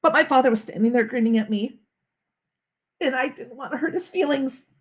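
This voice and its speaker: A woman's voice: high-pitched, brisk, slightly rough. A school principal, a woman, reading a children's book aloud expressively for a live video, with asides to the kids. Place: home, during quarantine. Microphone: phone or laptop for a live video.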